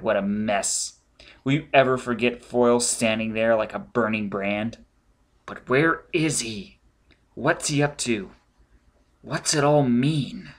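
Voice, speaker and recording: Man narrating a dramatic audiobook. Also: on the low side. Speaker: audiobook reader.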